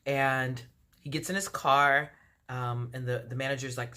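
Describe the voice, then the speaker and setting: A woman from Washington, D.C. speaks in a very deep, steady, sharp voice, a little slowly. Vlogging a storytime monologue to camera, she relates a personal story, acting out both speakers and leaning on lots of fillers.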